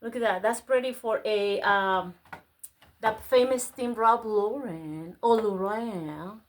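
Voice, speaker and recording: A woman whose first language is Spanish, excitedly chatting through a casual unboxing and gasping over each find. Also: medium pitch, slow pace. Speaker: vlogger unboxing a craft store grab box.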